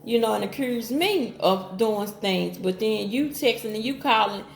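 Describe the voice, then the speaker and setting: A woman's voice: fairly high pitch, animated, measured pace, gravelly. A woman telling her own story casually to viewers, speaking straight to them and acting out what people said in her own voice. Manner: talks straight to viewers with Southern-style slang, quotes others in her own voice. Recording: echoey room.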